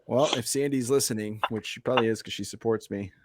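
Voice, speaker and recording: A man's voice: mid-range voice, fast, noisy background. Joking, profane man in his thirties. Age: 30s. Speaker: podcast host. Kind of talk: casual chat.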